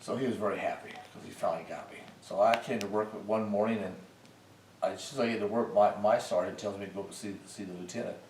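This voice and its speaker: An older man with a low voice tells his service stories in a folksy, unhurried way. He turns animated when he relives old arguments. His voice sits some distance from the mic in a roomy space with a faint hiss under it. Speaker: veteran interviewee. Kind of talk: casual storytelling.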